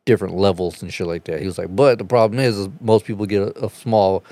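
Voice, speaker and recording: A man chatting casually on a podcast, telling a rambling, profane story and getting animated as he retells it. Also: on the low side, quick pace, no echo.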